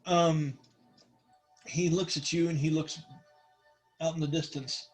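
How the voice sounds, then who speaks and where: A man's voice: a little high, steady tone, slow, soft background music. A man narrating a tabletop game as game master, rambling with many fillers.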